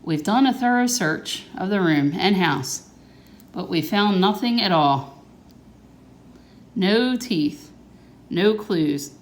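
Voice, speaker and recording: A woman's voice: medium pitch, lively intonation. Officer Bate, read by a woman as a grave policeman. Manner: solemn, measured reporting. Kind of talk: picture-book read-aloud. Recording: echoey room.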